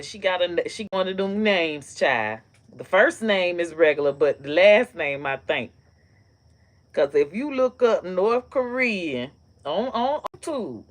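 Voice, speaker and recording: Low-voiced woman ranting profanely. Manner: profane, animated storytelling with laughter. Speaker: online comedy host. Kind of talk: casual live-stream rant.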